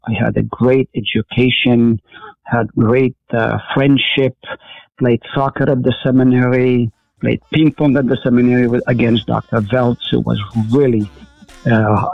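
A pastor being interviewed tells his story earnestly and reflectively, pausing on fillers as he goes. His voice is gravelly and of middling pitch. It comes through a narrow, tinny phone line with no room sound at all. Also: no echo.

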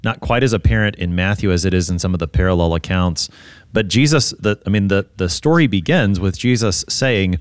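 A man, a pastor, talking through a Gospel passage in a thoughtful, halting way with frequent restarts. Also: sits low, clear, resonant tone, dry recording, clean studio sound. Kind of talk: conversational Bible discussion.

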